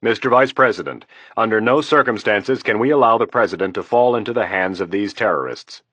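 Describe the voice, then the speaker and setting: A man's voice: on the low side, a little fast, fairly bright tone, dry recording, lo-fi sound, pitched above the performer's own voice. A man doing a blunt, insistent army general. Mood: urgent firm. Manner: firm, pressing, urgent.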